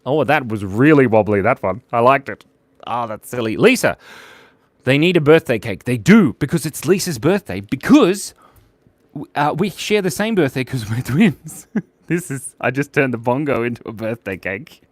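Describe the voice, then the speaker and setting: Here a livestream drawing host talks to his audience while he draws, playful and jokey throughout. His medium-pitched voice is animated and moves at a moderate pace, recorded dry.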